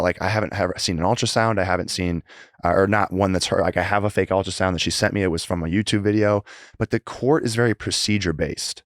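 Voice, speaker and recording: A man's voice: low-pitched, a bit bright, clean tone, no room sound, studio quality. A man in his thirties, a podcast guest, telling his story in a rambling casual way with many restarts. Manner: rambling, frequent restarts, acts out remembered conversations. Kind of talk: casual interview conversation.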